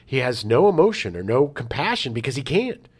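A man co-hosting a podcast in casual chat, emphatic and quick to act out scenes. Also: mid-range voice, breathy edge. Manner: animated, emphatic, acts out scenes. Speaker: podcast co-host.

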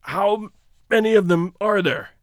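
A man voicing a stern male landowner trapped in a forest, speaking in an earnest, measured way for a storytelling podcast. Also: high-pitched, no room sound, studio quality, voice pushed up. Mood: grim.

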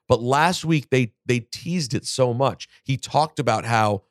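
Heard in a dry, studio-quality recording, this mid-range male voice belongs to a podcast host in a casual chat. He's argumentative and emphatic, pushing back hard against others.

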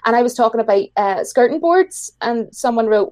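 Laughing Irish woman, higher voice. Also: normal speed. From Ireland. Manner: laughs often, chatty and animated. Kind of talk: casual chat.

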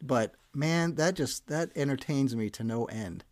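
A rambling male podcast host with a voice of ordinary pitch who laughs at his own jokes. The recording is dry and close, with no room echo. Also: unhurried. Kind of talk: casual podcast chat.

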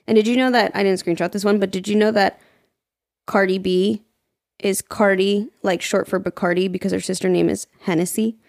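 Woman podcast co-host, casual and giggly, some vocal fry, dry close sound. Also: medium pitch, steady tone, brisk, darkish tone, no room sound. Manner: chatty, giggly, reads out trivia.

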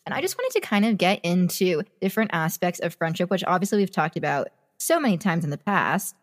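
A young woman in her twenties co-hosting a chatty podcast. She talks very fast, with a slightly low voice, and laughs easily between thoughts. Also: lively intonation. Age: 20s. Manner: fast-talking, laughs often, reflective. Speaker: podcast co-host. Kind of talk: casual chat.

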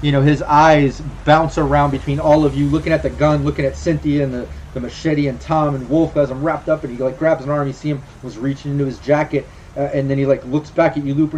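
A man's voice: a little high, little pitch movement, fast talker, few pauses, a little mellow, a little hiss or hum. A man acting as game master, narrating and ruling on a tabletop game in a loose, rambling way. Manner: loose, rambling, lots of fillers.

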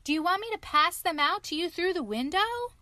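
A woman's voice: expressive, normal speed, no room sound. A woman voicing a tiny, brave, cheeky thumb-sized boy in a storybook reading, calling out eagerly. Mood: shouting. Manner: high, eager, calling out loudly.

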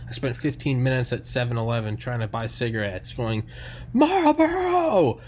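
A man impersonating a screaming, foul-mouthed adult male stand-up comedian, yelling high and loud. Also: very animated, moderate pace, slight background noise, natural voice. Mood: ranting.

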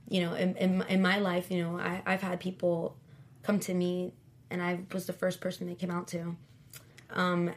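Chatty woman telling stories animatedly. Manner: chatty storyteller, acts out quoted lines in high animated bursts. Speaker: interview guest. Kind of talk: casual interview chat.

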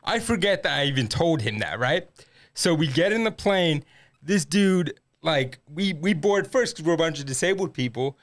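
A man's voice: on the high side, expressive, moderate pace. A young man, a podcast guest, telling a crude comedic story and laughing through it. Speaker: podcast guest, former Paralympic athlete.

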